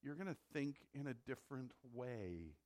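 A man's voice: medium pitch, expressive, normal speed, a little mellow. A man from the Midwest preaching a sermon as a pastor, in a conversational way that repeats words when he presses a point.

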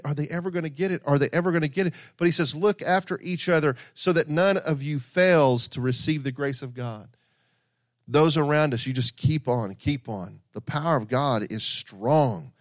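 A man's voice: medium pitch, no echo, clean studio sound. A middle-aged man preaching a sermon in a conversational way, with asides, repetition and everyday stories. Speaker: pastor.

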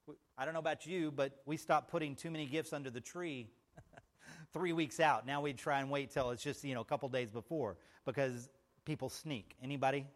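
A male pastor preaching a sermon, telling stories and calling out to the congregation, swinging from loud, emphatic phrases to hushed asides. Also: mid-range voice, a little fast. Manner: storytelling with audience call-outs.

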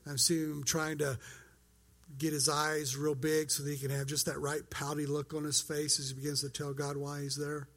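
A man's voice: on the high side, little pitch movement, moderate pace, fairly bright tone. A man preaching a sermon as pastor, earnest and conversational, acting out quoted lines.

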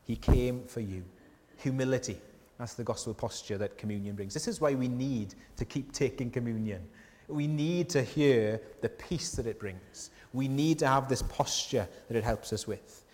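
A man's voice: medium pitch, moderate pace. Earnest male preacher, reverberant church. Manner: conversational preaching with frequent rhetorical questions; earnest and tender, dropping softly at key lines. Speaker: pastor. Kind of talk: sermon. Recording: long hall reverb from a church.

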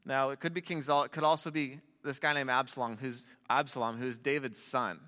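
A man preaching a sermon in a relaxed, conversational way, with jokey asides to a young audience. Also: mid-range voice, a little fast. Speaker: pastor. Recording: long hall reverb.

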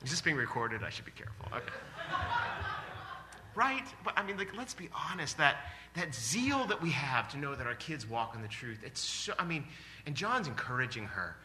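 A man in his forties preaching a sermon in a church, animated and exclamatory, often laughing. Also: medium pitch, normal speed, background noise. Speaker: pastor. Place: church sanctuary.

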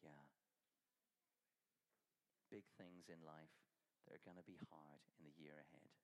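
A man's voice: very deep voice, fairly even intonation, unhurried, poor audio. A man preaching at a church service, leading a children's object lesson with exclamations and questions to the congregation. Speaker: pastor.

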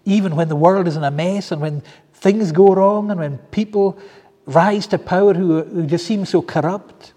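A man's voice: sits high, moderate pace, dark tone. A man preaching a sermon in an earnest, pleading way, often repeating phrases. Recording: long hall reverb.

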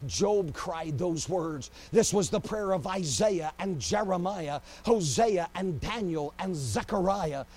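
A man preaching a sermon with great passion, swinging between loud cries and hushed, low passages. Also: animated, slow, few pauses, breathy edge. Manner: impassioned, swings from shouting to hushed.

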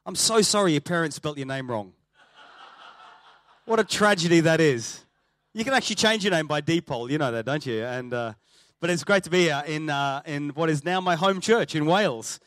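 A man's voice: a little high, animated, moderate pace, a bit bright, no echo. A man with an Australian accent, a guest preacher opening a sermon in a church with teasing jokes and a chatty, filler-laden delivery. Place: church hall with a congregation.

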